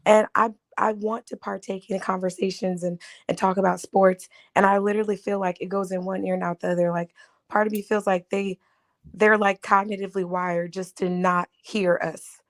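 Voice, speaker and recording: A woman speaking as a guest on a panel, earnest, with a raspy voice from a cold. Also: medium pitch, flat delivery, moderate pace. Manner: earnest, laughs between phrases. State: raspy voice from a respiratory illness. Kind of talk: casual panel discussion.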